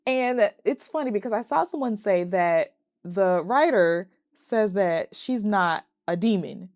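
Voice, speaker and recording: A woman recapping a horror movie in a casual, animated and profane way, breaking into laughs. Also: mid-range voice, a little slow, no echo. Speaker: movie reviewer.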